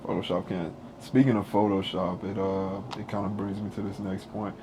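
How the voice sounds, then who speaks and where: Low-voiced blunt man joking. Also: steady tone, normal speed, noisy background. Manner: blunt, jokey, crude. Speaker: podcast co-host. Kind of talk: casual chat.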